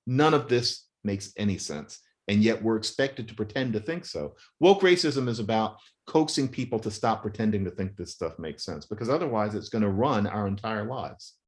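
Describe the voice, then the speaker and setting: A man's voice: fairly low pitch, lively intonation, moderate pace, hardly any pauses. A man, an author being interviewed, arguing in an emphatic, wry way with long spoken sentences. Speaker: author and guest. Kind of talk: interview, animated argument.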